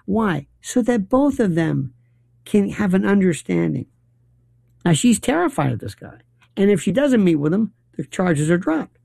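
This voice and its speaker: A New York man hosts a talk radio show, spinning opinionated stories and performing the voices of the people he quotes. His voice is high-pitched and unhurried with vocal fry, recorded at studio quality with no room sound.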